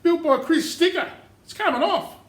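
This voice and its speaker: A man's voice: very high-pitched, animated, normal speed, noisy background. A man, bantering cockily as a novice woodworker in a workshop shed. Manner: cocky, joking, slangy. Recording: roomy echo.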